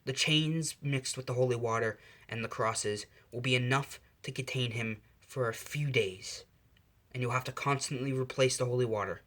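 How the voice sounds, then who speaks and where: A man's voice: moderate pace, natural voice. Grave angel father, voiced by a man. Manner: long grave explanations, low and quiet. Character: solemn male angel father, grave and warning.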